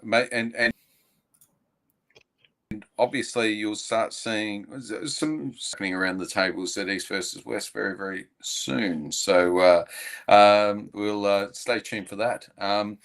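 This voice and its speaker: A man co-hosting a casual podcast, talking in a rambling way with many filler pauses and restarts. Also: on the low side, steady tone, a bit bright. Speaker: podcast co-host.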